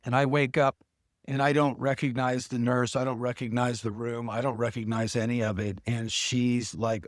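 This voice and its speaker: A man's voice: medium pitch, fairly even intonation, normal speed, no room sound, clean studio sound. A middle-aged man, a podcast guest, telling his personal story in casual talk, acting out the people he quotes. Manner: earnest storytelling with quoted dialogue.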